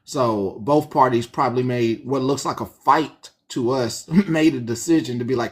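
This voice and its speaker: An excitable co-host in a loose commentary chat. This speaker jumps in to make points and talks in quick, animated bursts. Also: husky. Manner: excitable, laughs high and often.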